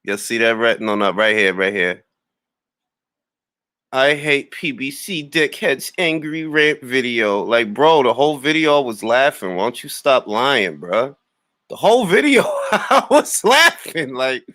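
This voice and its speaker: Dude ranting on a boxing stream, trash talk and shout-outs, dry close sound. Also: male voice, medium pitch, dry recording. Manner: animated trash-talking rant, mocking laughs. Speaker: boxing talk show host. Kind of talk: livestream commentary, greeting chat.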